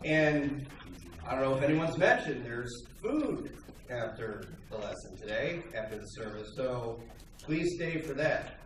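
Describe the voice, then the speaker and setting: Joking preacher in an echoey hall. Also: male voice, mid-range voice, measured pace, distant mic, noisy background. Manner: joking, animated storytelling. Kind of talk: sermon with light humor. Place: church hall. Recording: very echoey hall, picked up from afar.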